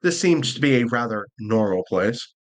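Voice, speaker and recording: A man at a mid pitch narrates a tabletop game as its master. He talks casually, swears freely and laughs often. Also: animated, moderate pace.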